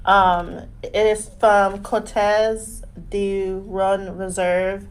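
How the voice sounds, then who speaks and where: A young woman co-hosting a podcast, chatting casually with loud, crude jokes and frequent laughter. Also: mid-range voice, flat delivery, extremely slow, clean tone. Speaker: podcast co-host. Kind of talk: casual chat.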